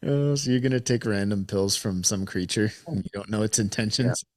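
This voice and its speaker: A man's voice: fairly low pitch, brisk. A man co-hosting a casual podcast who narrates the case notes to his friends and often chuckles. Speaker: podcast co-host reading out the case.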